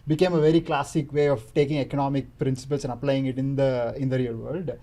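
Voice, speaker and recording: An economist in a casual panel discussion, speaking quickly and fluently with plenty of technical terms. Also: male voice, medium pitch, little pitch movement, warm tone.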